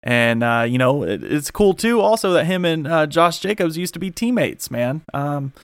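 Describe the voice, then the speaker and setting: A man's voice: a little high, big pitch swings, normal speed, clear, resonant tone, no room sound. Guy hosting a sports podcast, rambly, lots of ums, dry close sound. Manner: rambling, many fillers. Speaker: podcast host. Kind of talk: casual sports chat.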